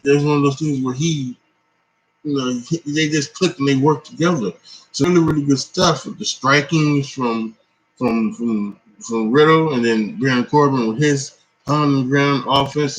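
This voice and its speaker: Tired man, mid-pitch voice, rambling casual wrestling reaction full of fillers and restarts. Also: fairly bright tone, a little hiss or hum, poor audio. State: tired, yawning. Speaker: wrestling commentator.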